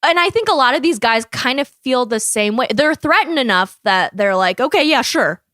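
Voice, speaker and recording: A woman's voice: a little high, normal speed, no echo, studio quality. A woman guesting on a podcast, chatting casually and expressively, often laughing. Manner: expressive, laughing, quotes people in voices. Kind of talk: casual pop-culture chat.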